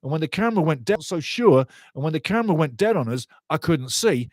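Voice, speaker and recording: A man giving passionate live football commentary, chatting to viewers and shouting when goals go in. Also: fairly high pitch, very animated, fairly quick, no echo. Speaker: football watch-along commentator. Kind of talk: excitable live match commentary.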